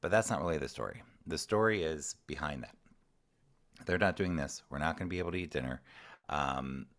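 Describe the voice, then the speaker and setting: A man's voice: extremely low pitch, brisk, a bit bright. A man, a guest coach, talking casually and thoughtfully about handling kids' emotional triggers, often restarting his sentences. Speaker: ADHD coach, podcast guest. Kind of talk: casual advice talk.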